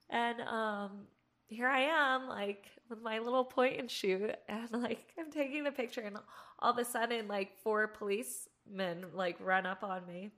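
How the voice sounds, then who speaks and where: A woman on a podcast as a guest, telling stories in a casual, animated way, laughing often and acting out what she said back then. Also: fairly high pitch, normal speed. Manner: animated, laughs often, acts out her own past lines. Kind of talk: casual storytelling chat.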